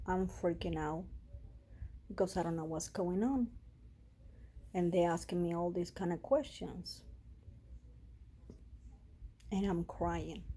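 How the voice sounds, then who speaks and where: Woman vlogger, halting emotional storytelling, slow, husky. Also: fairly low pitch, steady tone, warm tone. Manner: emotional, halting, with pauses and restarts. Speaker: vlogger sharing a personal health story. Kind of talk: personal storytelling vlog.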